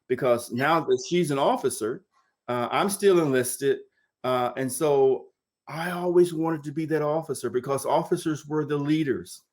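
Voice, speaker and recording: A man in his fifties from Mississippi, a nurse telling his life story in an oral history interview, acting out quoted dialogue over a video call. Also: medium pitch. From Mississippi, United States.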